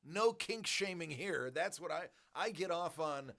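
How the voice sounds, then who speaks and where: A man hosting a collectibles channel, telling a story in a joking, animated way and acting out the voices. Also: a little high, measured pace, gravelly. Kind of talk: casual storytelling.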